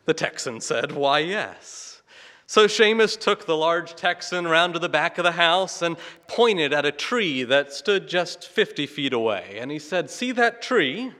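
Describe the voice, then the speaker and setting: A man delivers a sermon at an unhurried pace, his voice bright and a little high for a man. He leans on rhetorical questions and a chuckling storyteller's manner. The sound carries a long reverb tail, as if in a church sanctuary. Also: animated. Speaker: pastor.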